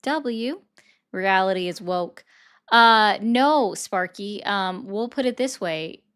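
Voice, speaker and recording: A woman's voice: medium pitch, slow pace, a bit bright, clear, resonant tone. A woman in the middle of a political livestream, chatting loosely with her viewers and answering their comments. She talks in a sarcastic, offhand way, dropping dry jabs as she reacts to the chat.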